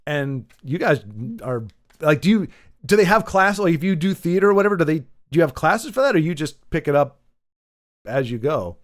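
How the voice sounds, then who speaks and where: Host: American man, fairly high voice, loose rambling chat. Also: lively intonation, normal speed. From United States. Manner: rambling, restarts often, laughs a lot. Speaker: podcast host. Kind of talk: casual chat.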